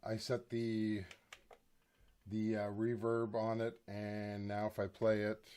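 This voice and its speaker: A man's voice: on the low side, monotone, slow pace, darkish tone, clear, resonant tone. Man chatting over his recording gear. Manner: chatty, thinking aloud while demonstrating gear. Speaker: home recording musician. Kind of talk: casual vlog talk. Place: home recording desk, indoors.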